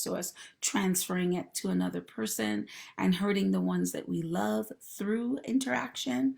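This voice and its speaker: A woman's voice: fairly low pitch, fairly even intonation, unhurried, vocal fry, a little mellow. A woman therapist hosting a live-streamed advice talk, encouraging viewers and greeting commenters by name. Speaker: host and mental health professional.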